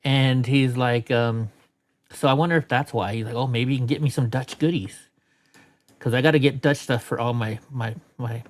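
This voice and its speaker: A middle-aged man chatting casually on a live stream, rambling and swearing, often laughing at clips. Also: medium pitch. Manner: rambling, profane, laughs a lot. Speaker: streamer host.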